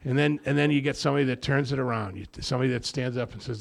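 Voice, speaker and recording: Gravelly man sharing his recovery story. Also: mid-range voice, rapid-fire. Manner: rambling, with many repeated restarts; animated storyteller. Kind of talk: recovery meeting share.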